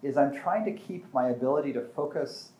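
Mellow-voiced man teaching casually. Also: mid-range voice, a little fast. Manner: thinks aloud, restarts often, acts out examples.

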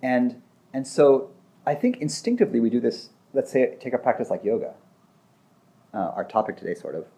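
A man explains ideas in a loose, conversational teaching talk. His voice is mellow and warm at a middle pitch. He restarts sentences often and acts out brief examples as he goes. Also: animated, moderate pace.

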